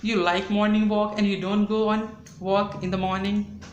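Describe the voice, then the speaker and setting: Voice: mid-range voice, level tone, moderate pace, highs cut off, a little hiss or hum. Teacher quizzing students in an echoey room. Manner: questioning, repeats answers back, teasing. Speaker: English teacher. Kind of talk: classroom interview.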